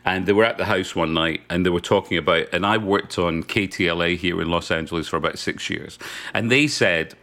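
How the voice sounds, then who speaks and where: A middle-aged man with a Glasgow accent, a podcast guest who tells animated anecdotes and laughs often. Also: deep voice, brisk. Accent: Glaswegian. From Scotland. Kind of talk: casual podcast chat. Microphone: remote call.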